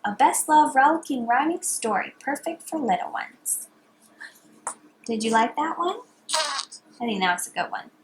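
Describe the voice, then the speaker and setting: A mother reading bedtime stories aloud to her baby in a soft, hushed, sing-song manner. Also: high voice, lively intonation, unhurried, long pauses, a little hiss or hum.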